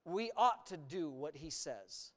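Animated, emphatic preacher with a lively pitch. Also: slow pace. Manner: emphatic and animated, stretches words for emphasis, sarcastic asides. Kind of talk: sermon.

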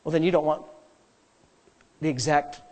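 A male pastor preaching a sermon, repeating phrases for emphasis and at times dropping to a quiet, prayerful tone. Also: fairly high pitch, fairly even intonation, normal speed.

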